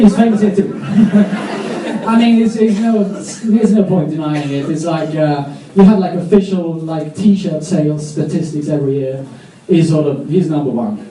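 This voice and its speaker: A man doing a live stand-up set on a comedy club stage, rambling with self-mocking, deadpan asides. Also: a little high. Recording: echoey club, distant mic, audience.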